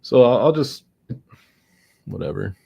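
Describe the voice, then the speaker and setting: Young man, low-ish voice, exasperated, swearing, muttering about trading losses. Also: animated, unhurried, creaky, dark tone, slightly rough. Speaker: day trader streaming live. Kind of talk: frustrated live commentary.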